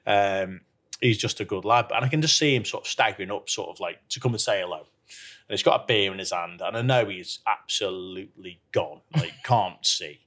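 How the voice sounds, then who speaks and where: A man who plays golf professionally recounts an anecdote in a podcast conversation, laughing as he impersonates the people involved. He speaks at a moderate pace, his voice fairly low in pitch with a fairly bright tone.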